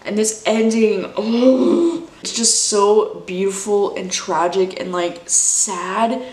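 A woman's voice: mid-range voice, slow, a little mellow, reverberant. A woman in her twenties chatting casually as a book vlogger, gushing and emotional, full of "like" and "dude". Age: 20s. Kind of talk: casual chat.

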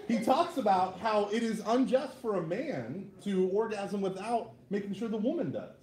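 A man in his thirties giving a lively, joking talk to a live audience as a Catholic speaker, with frequent "right?" asides. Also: sits high, moderate pace, few pauses, echoey room, rough recording.

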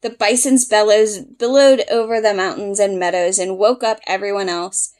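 A woman's voice: mid-range voice, steady tone, normal speed, darkish tone. A woman reading a picture book aloud, acting out playful sound effects. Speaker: storyteller.

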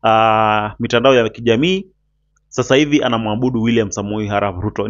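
A man with a Kenyan accent hosting political commentary, speaking earnestly to his viewers with frequent "ah" pauses. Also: mid-range voice. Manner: addresses viewer directly, earnest, filler "ah" pauses. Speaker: host. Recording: dull lo-fi recording.

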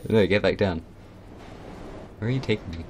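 A man hosting a casual gameplay video, excitable and constantly giggling as he plays. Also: low-pitched, normal speed, crowd noise. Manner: giggly, excitable, laughs a lot. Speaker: gaming channel host.

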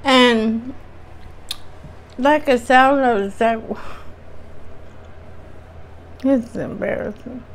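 Woman vlogger, strained voice, slow and candid storyteller, faint background hiss. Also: a little high. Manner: candid, chatty, addresses viewers directly. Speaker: vlogger telling a personal story. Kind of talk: casual storytime chat.

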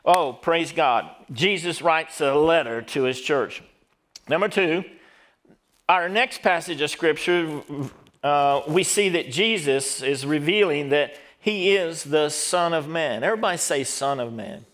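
A middle-aged pastor delivers a sermon in a fairly high voice. He talks straight to the congregation and has them say words back to him. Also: a little slow, fairly bright tone. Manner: preaching with call-and-response to the congregation.

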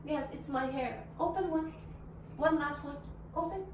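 Playful teacher, very high voice. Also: female voice, a little slow. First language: Korean. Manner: playful, acts out emotions with exaggerated voice. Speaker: English teacher of kindergarten children. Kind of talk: animated classroom teaching. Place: classroom with small children. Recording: echoey room, voice from a distance, faint noise.

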